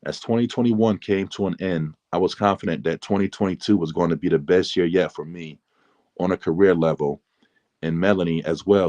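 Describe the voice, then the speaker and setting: A man reads aloud from his own memoir in a calm, measured way. His voice is very deep. The recording is dry and close, with no room sound. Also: dry recording. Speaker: author reading his book. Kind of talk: memoir reading.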